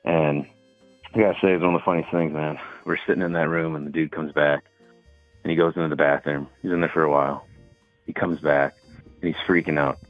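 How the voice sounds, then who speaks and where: A man's voice: extremely low pitch, flat delivery, a little fast, faint music behind. A man calling in, telling stories in a laid-back, casual way with lots of fillers. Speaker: caller. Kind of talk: casual phone call. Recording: tinny phone line.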